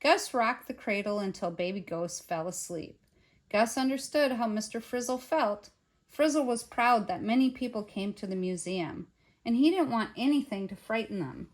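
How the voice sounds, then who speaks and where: An older woman, a grandmother, reading a children's picture book aloud in an expressive way. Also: a little high, moderate pace. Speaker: storyteller.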